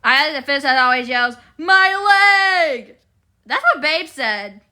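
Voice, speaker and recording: A woman's voice: high voice, normal speed, bright, forceful tone. A woman live streaming, chatting casually with her viewers in a playful, giggly way.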